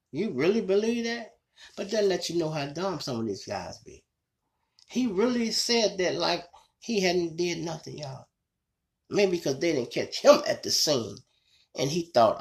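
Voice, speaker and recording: A show host with a Chicago accent and medium pitch tells a true-crime story conversationally and casually, regularly addressing his audience as y'all.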